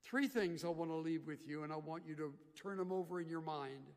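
A man preaching a sermon, swinging from loud emphatic bursts to quiet earnest asides. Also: fairly high pitch, brisk, long reverb tail. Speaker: pastor.

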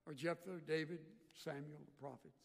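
A man preaching a sermon, swinging from loud emphatic bursts to quiet earnest asides. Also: on the high side, steady tone, normal speed, creaky, big-room sound. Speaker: pastor.

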